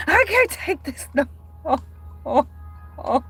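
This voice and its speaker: A woman chatting casually on her livestream, animated and dramatic, with sudden cries and mock outrage. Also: sits high. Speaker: livestream host.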